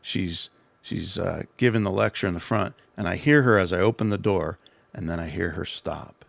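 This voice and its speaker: A man's voice: sits low, moderate pace, gravelly, dry recording. A middle-aged man hosting a livestream, telling a rambling, self-deprecating story and giving casual advice. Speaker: livestream host.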